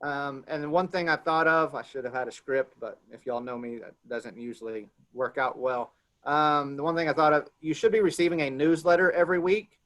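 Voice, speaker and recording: A man's voice: fairly high pitch, brisk, fairly bright tone. Folksy Oklahoma man hosting a video call. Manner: loose, repeats himself, folksy. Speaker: webinar host. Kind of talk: casual announcements on a video call.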